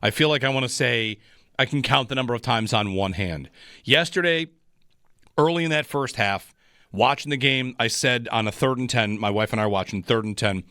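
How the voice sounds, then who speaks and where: A man's voice: mid-range voice, normal speed, sharp tone, no echo, studio quality. Man hosting sports talk radio. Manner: rambling, frustrated analysis with restarts.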